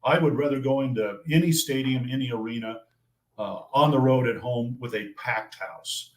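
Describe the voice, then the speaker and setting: An older man, a sports play-by-play broadcaster, answering questions in a measured, thoughtful way, often restarting his phrases. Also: mid-range voice. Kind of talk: casual interview answers. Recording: roomy echo.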